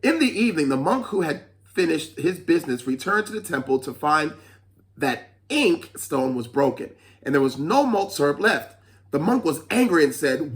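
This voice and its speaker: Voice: medium pitch, very animated, moderate pace. A children's storyteller reading a folk tale aloud, with chatty asides to young listeners.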